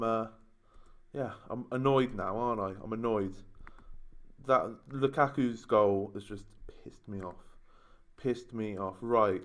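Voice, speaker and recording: A man's voice: fairly low pitch, fairly bright tone. Exasperated man moaning over a game. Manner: moaning, exasperated running commentary. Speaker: gaming YouTuber. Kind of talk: casual let's-play commentary.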